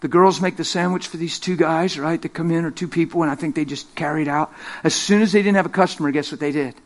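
A middle-aged man preaching a sermon, telling stories with lively energy, laughing and acting out the voices of the people in them. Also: a little high, fast. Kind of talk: sermon with storytelling. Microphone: handheld microphone.

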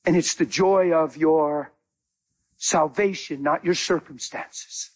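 A man preaching a sermon as a guest speaker, animated, telling stories with acted-out dialogue. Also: on the high side, takes it slowly.

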